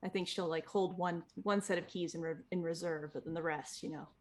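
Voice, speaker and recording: A woman's voice: fairly low pitch, fairly even intonation, fairly quick, darkish tone. A woman player describing her cat character's actions in a tabletop game, rambling with lots of fillers. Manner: rambling, hesitant with many fillers.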